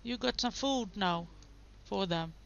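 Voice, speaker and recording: A woman's voice: medium pitch, a little slow, vocal fry, lo-fi sound, slight background noise. A woman hosting a gaming video, giving casual commentary and chatting to the game characters.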